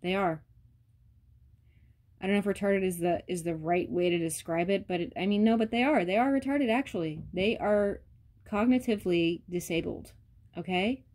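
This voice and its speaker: A woman's voice: mid-range voice, moderate pace, a little mellow. A woman vlogger ranting bluntly and profanely, talking straight to her viewers. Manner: addresses viewers directly. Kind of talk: casual rant to camera.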